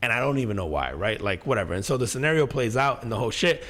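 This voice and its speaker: A middle-aged man spins a story on a podcast, swearing freely and tripping over his own restarts. His voice sits at an ordinary pitch but jumps up and down as he acts out the scene. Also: fast talker. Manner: animated, profane, many fillers and restarts. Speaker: podcast co-host. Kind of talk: casual storytelling chat.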